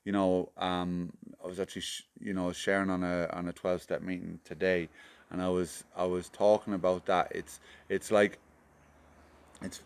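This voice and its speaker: A man's voice: sits low, little pitch movement, moderate pace, smooth. An Irish man, a podcast guest, talking earnestly in casual chat, often restarting and repeating his words. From Ireland.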